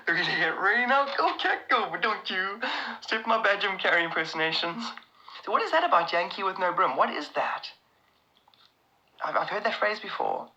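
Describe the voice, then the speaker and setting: A South African comedian chatting casually on a live stream, answering viewers' comments in a rambling, excitable way with many restarts. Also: male voice, on the high side, highs cut off.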